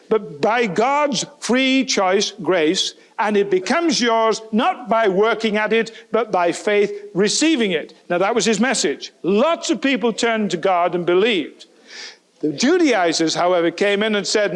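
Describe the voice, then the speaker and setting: A man preaching a sermon, animated, putting rhetorical questions to the listeners and acting out the people he quotes. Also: sits high, a little slow. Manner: animated, voices quoted speakers.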